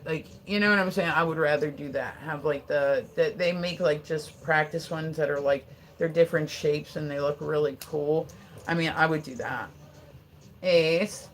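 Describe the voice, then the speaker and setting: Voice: medium pitch, normal speed, a little hiss or hum. A livestreamer in their forties from Pennsylvania, chatting casually at home in a rambling way, full of "like"s, with frequent laughter and casual swearing. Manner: rambling, filler-heavy, swears freely, laughs often.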